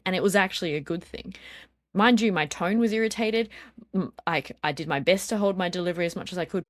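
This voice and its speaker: An earnest woman in her thirties with a fairly low voice, sharing parenting stories on a podcast. She leans on ums and likes as she thinks aloud. The sound is close and dry, with no room around her. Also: dry recording. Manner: earnest, storytelling, frequent "um" and "like". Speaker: interview guest, parenting speaker. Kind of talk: reflective podcast conversation.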